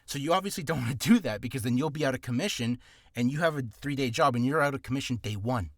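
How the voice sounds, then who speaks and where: A man's voice: mid-range voice, fast talker, no echo, studio quality. A man giving casual spoken advice on voice care in a loose, rambling way, often correcting himself, with a slightly ticklish throat. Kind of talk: casual spoken video lesson.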